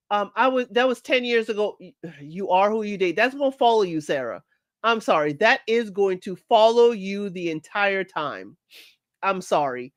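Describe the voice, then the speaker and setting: A woman's voice: medium pitch, fairly bright tone, no room sound, clean studio sound. A woman hosting a casual recap show. She talks straight to her listeners in a chatty, opinionated way. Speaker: podcast host recapping a reality show.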